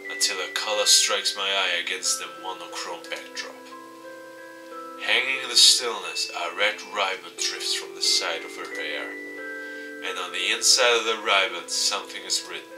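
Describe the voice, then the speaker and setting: A man streaming a game, reading the visual novel aloud and adding animated asides. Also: sits low, a little slow. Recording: distant mic with faint music.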